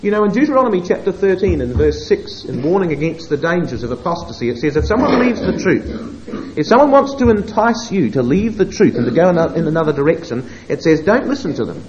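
Expressive male preacher, lively pitch. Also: brisk, lo-fi sound. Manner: expressive, swings between hushed asides and emphatic quoting. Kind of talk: sermon.

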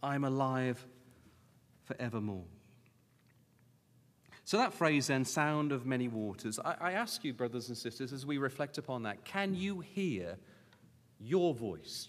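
A man preaching a sermon as a Bible school teacher, earnestly urging his listeners with repeated questions, moving between hushed low scripture reading and raised emphatic exhortation. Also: very animated, moderate pace. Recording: hall with long reverb.

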